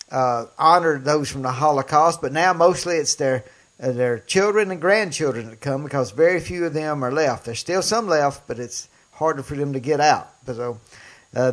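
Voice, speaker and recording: Man, older, Southern accent, political talk host, folksy, emphatic, slightly high voice. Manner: emphatic, folksy, rises loud on key points. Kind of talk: political commentary monologue.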